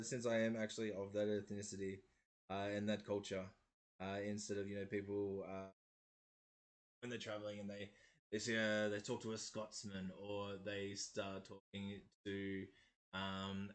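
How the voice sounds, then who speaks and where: A man in his thirties with a slight Maori accent, mostly in his R's, chatting casually as the host of a painting livestream, rambling and chuckling as he goes. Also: fairly low pitch. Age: 30s. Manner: rambling, self-correcting, chuckling often. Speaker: host of a miniature painting stream.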